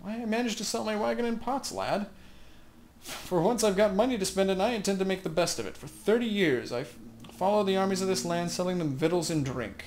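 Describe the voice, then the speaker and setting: A man's voice: sits high, expressive, brisk, darkish tone, a little hiss or hum, voice pushed up. A man voicing an older woman camp follower from a video game, in a brash, folksy put-on voice, with faint ambience behind him.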